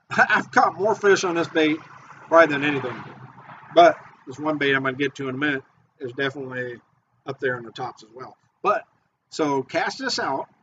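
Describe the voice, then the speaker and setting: Eager guy talking fishing tips, voice a bit on the high side, kinda muffled lo-fi sound. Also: normal speed, a little hiss or hum. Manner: excitable, repetitive, eager. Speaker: fishing bait maker and charter guide. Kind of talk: casual how-to video talk. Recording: dull lo-fi audio.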